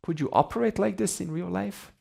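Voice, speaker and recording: A man's voice: sits high, brisk, gravelly, a little mellow. A man teaching a class on scripture, conversational, asking his students questions and laughing between points. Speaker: Vedanta teacher.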